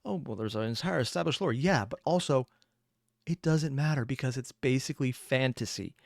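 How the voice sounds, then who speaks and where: A man's voice: mid-range voice, a little fast, creaky, no echo, studio quality. A man giving casual reaction commentary, rambling and opinionated with self-deprecating asides. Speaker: reaction streamer.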